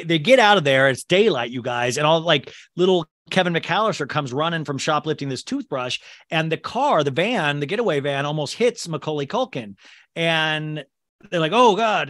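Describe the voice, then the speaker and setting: A man hosts a casual podcast chat and tells stories in an animated, playful way. His voice is bright and sits somewhat high. The sound is dry and close to the mic. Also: no room sound. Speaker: podcast host.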